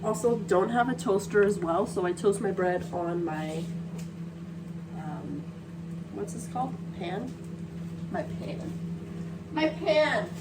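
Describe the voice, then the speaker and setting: A woman's voice: medium pitch, animated, takes it slowly, pauses often. Woman chatting away in her vlog, playful, talking to her dog, noisy phone audio outside. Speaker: vlogger. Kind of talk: casual vlog narration. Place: outdoors on a seaside cliff.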